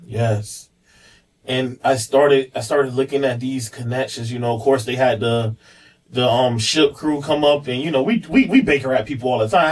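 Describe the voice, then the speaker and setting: A man's voice: mid-range voice, normal speed, recorded from a distance, low-quality recording. Candid man telling his story off-mic. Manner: candid, rambling, frequent fillers and repeats. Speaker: podcast guest, police officer. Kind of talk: casual personal storytelling.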